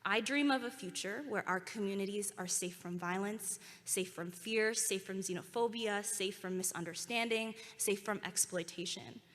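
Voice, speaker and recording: A woman's voice: mid-range voice, normal speed, hardly any pauses, fairly bright tone. A young woman giving a heartfelt ceremony speech in a school auditorium. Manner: earnest and heartfelt, leads a call-and-response. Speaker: alumni keynote speaker. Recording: reverberant hall.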